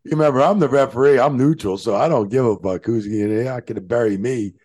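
A man, a veteran referee guest on a podcast, telling profane, animated road stories in casual chat. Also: mid-range voice, fast talker, dry recording.

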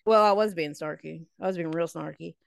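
A woman in her late thirties, a podcast co-host telling high school stories in a snarky, animated way. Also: fairly quick, vocal fry, smooth, dry recording, studio quality. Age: late 30s. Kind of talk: casual storytelling chat.

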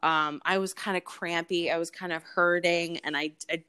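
A woman's voice: on the low side, fairly even intonation, normal speed, bright, forceful tone, clean tone, no echo. A woman in her forties, talking as an interview guest and telling personal stories in a candid, frank way, swearing freely and laughing often. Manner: candid, frank and profane, with frequent laughs and fillers. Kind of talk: casual interview storytelling.

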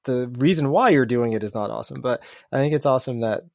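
A male podcast host chatting with his guest, with an encouraging, conversational manner. His voice has a gravelly edge, and he is recorded close and dry. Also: mid-range voice, fast talker, darkish tone, no echo. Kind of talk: casual interview chat.

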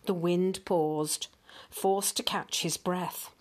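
An older woman, a grandmother, reading a storybook aloud with gentle, expressive narration. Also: on the low side, slow pace.

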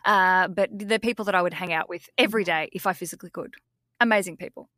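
A woman's voice: lowish voice, quick pace, pushed and bright, no echo, studio quality. A woman with an Australian accent, hosting a podcast in casual, swearing, self-mocking chat. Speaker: podcast host.

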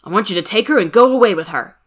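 A woman's voice: medium pitch, lively intonation, racing, lightly acted. A woman reading the part of an earnest, impatient wealthy man who talks insistently and urgently.

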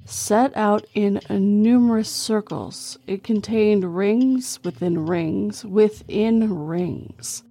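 A woman reading a horror story in a slow, measured storytelling way. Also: mid-range voice, warm tone. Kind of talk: scripted horror narration.

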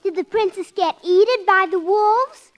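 A woman's voice: very high-pitched, unhurried, highs cut off. An actress playing a precocious little daughter who corrects her father, in 1940s radio comedy. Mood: earnest. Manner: piping, earnest, precise.

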